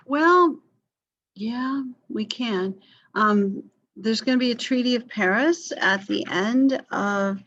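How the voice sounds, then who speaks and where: A woman's voice: mid-range voice, a bit bright. Woman teaching history on a muffled call. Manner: conversational, apologetic asides, frequent fillers. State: coughing, yawning. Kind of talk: online class lecture.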